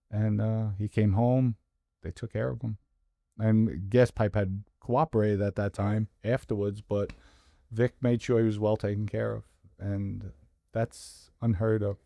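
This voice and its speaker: Low-voiced man, emphatic and repetitive. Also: vocal fry, mellow, no room sound, studio quality. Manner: emphatic, repeats words for stress. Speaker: guest. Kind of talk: conversational interview.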